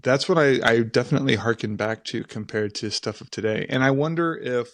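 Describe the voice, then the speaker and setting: A middle-aged man co-hosting a casual podcast, thinking out loud with many restarts. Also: medium pitch, brisk, no room sound, studio quality. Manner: thoughtful, rambling with restarts. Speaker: podcast co-host. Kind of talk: casual chat.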